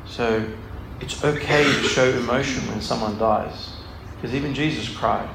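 A man's voice: medium pitch, a little slow, gravelly. A man giving a casual talk on scripture, reading passages aloud and explaining them in a digressive, thinking-aloud way. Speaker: Bible study speaker. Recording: echoey room with faint background noise.

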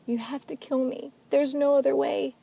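A woman playing a grieving young detective who pleads through tears in an audio drama. Her voice sits higher than her narration and carries a mellow, warm tone. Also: level tone, moderate pace, vocal fry, no echo. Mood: pleading, tearful.

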